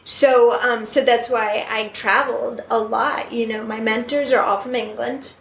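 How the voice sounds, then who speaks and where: A woman's voice: on the high side, fairly even intonation, a little slow, vocal fry. A woman with a Southern US accent, a spiritual medium chatting casually as an interview guest and laughing easily. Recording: echoey room.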